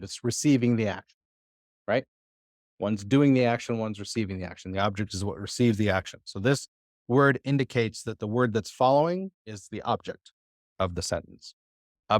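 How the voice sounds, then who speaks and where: A man's voice: fairly low pitch, normal speed, dry recording, clean studio sound. A man teaching a live Hebrew lesson to a church class, patient and full of "uh" fillers as he quizzes his students.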